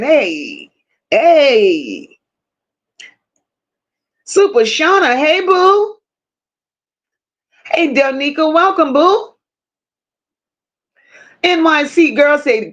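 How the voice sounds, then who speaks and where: A woman hosts a casual livestream, greeting each viewer by name in a high voice. She talks slowly and reads comments aloud affectionate terms and plenty of cursing. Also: sing-song. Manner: reads chat names aloud, affectionate slang and swearing. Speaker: livestream host.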